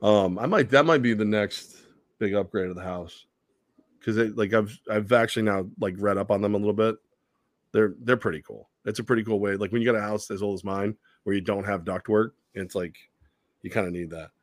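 Man, sports radio co-host, lowish voice, dry close sound, casual, animated, swearing a bit. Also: fairly quick, dry recording. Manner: animated storyteller, swings loud and quiet, swears casually. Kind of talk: casual sports talk with live ad reads.

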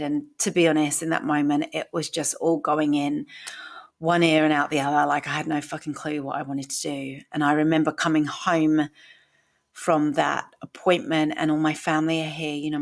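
Low-voiced woman in her forties, candid. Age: 40s. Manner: candid and emotional, swears casually. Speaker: podcast host. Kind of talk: personal story monologue.

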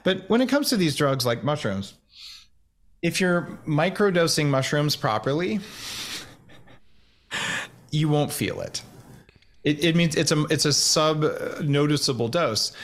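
A man talking as a guest expert in a casual interview, explaining things quickly with animated asides and jokes at his own expense. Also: on the high side. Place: Austin.

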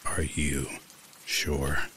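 A man voicing a menacing stranger with a low, scratchy voice, speaking slowly and quietly. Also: flat delivery, exaggerated voice.

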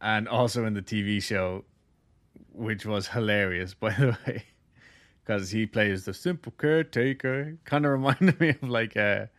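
Low-voiced man telling a ghost story. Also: unhurried, fairly bright tone. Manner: loose, jokey, heavy use of "like". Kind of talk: casual storytelling chat.

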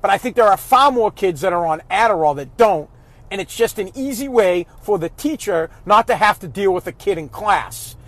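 A man's voice: sits high, lively intonation, moderate pace, fairly bright tone, no echo. A father ranting bluntly about raising kids, swearing heavily and raising his voice as he talks. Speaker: father giving opinions. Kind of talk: profane ranting monologue.

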